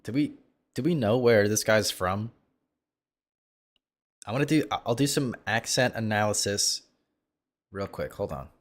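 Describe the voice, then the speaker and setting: A man commenting on a video during a live stream, brash and profane, mocking the creator and breaking into sudden loud outbursts. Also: on the low side, animated, unhurried, long pauses.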